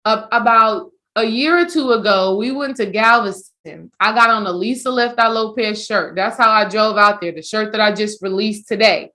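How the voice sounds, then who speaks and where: A woman's voice: mid-range voice, moderate pace, hardly any pauses. A woman healing coach, telling a story in a casual, emphatic monologue that repeats itself for effect. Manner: animated, repetitive, emphatic storytelling.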